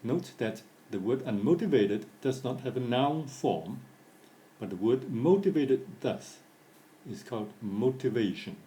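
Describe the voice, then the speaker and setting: A man reading an English grammar lesson as scripted narration, going through word forms in a measured, deliberate way. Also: medium pitch, animated, dark tone. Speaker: English teacher. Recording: echoey room.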